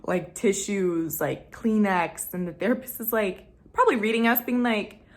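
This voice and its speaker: A young woman vlogger telling a personal story to camera, candid and slangy, swinging between loud emphasis and hushed asides. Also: mid-range voice, normal speed. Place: home room.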